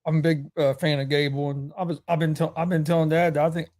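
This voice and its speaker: A young man co-hosting a casual sports talk show, halting and repeating himself as he starts his sentences. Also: a little high, little pitch movement, darkish tone. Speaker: co-host.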